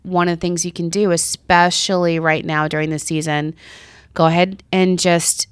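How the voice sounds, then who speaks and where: A chatty middle-aged woman co-hosting a casual podcast, telling stories and putting on the voices of people she met. Her voice sits a little low, and the recording is dry and close. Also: little pitch movement, moderate pace, smooth, no echo. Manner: chatty storyteller, acts out quoted voices. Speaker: podcast co-host. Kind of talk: casual chat.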